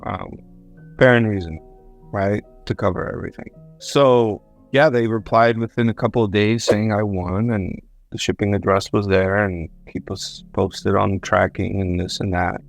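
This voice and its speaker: Man, low voice, casual storyteller who trips over his words, faint music underneath. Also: steady tone, normal speed, gravelly. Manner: rambling, self-correcting, repeats words. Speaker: guest, government contractor. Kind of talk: conversational storytelling.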